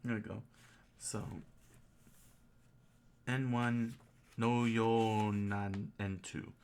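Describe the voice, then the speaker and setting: A man's voice: lowish voice, flat delivery, drawn-out words, a little mellow, a little hiss or hum. A man hosting a casual study stream, thinking aloud as he sounds out phrases and chuckles often. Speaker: host studying Japanese.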